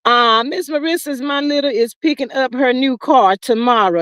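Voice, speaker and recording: A woman's voice: high voice, a bit bright, dry recording. An older woman hosting a casual gossip livestream, drawling and calling listeners child and honey. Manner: folksy, drawn-out, calls listeners child and honey. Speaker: livestream host.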